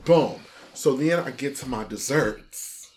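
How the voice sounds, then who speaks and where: Woman, brash and profane, casual co-host chat, swooping expressive pitch. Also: a little hiss or hum. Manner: brash, profane, drawn-out emphatic delivery. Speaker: podcast co-host.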